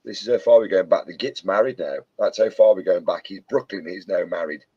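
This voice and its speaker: A man's voice: low voice, a little fast, husky, dry recording, lo-fi sound. A British man in casual chat with friends, a jokey storyteller who keeps quoting comedy films. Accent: British English. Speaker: co-host chatting while model making.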